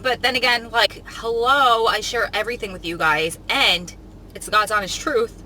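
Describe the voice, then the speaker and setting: A woman talking casually to her vlog viewers in a chatty, rambling way, full of fillers and quick to joke and laugh. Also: on the high side, bright, forceful tone, a little hiss or hum, low-quality recording. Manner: laughs easily, jokey. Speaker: vlogger.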